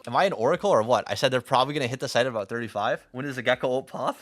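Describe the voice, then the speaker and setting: A man's voice: medium pitch, very fast, soft background music. A young man giving blunt, profane, teasing critique as he coaches a player over a live stream. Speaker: game coach.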